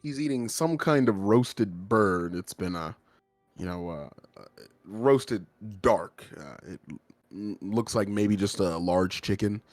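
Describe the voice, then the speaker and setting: A man narrating as game master of a tabletop game, describing scenes in a relaxed way with frequent filler words. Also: on the low side, slow pace, dry recording, faint music behind.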